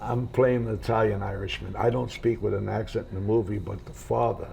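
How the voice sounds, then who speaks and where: A man's voice: fairly low pitch, steady tone, brisk, vocal fry, a little mellow, a little hiss or hum. An older man, an actor being interviewed, telling long rambling stories in a casual way and acting out quoted voices. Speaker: actor guest. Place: hotel room.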